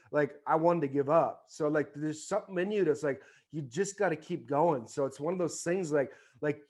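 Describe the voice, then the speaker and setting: A man in his forties from the United States, a former ballplayer telling his story as an interview guest in a rambling, filler-heavy way that turns into a fervent motivational pitch. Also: darkish tone. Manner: rambling, many fillers and restarts. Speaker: podcast guest, former baseball player.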